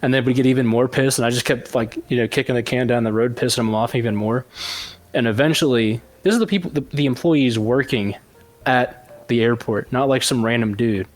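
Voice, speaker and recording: A man's voice: mid-range voice, a little fast. A man from Ohio co-hosting a podcast, telling an exasperated story with plenty of swearing. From southeastern Ohio, USA. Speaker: podcast co-host. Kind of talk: casual podcast chat, storytelling.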